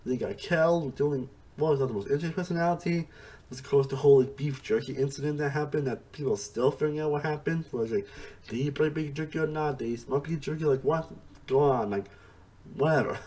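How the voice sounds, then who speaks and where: A man's voice: on the high side, quick pace, darkish tone. A man giving a casual, rambling spoken review, repeating himself and saying "honestly" often.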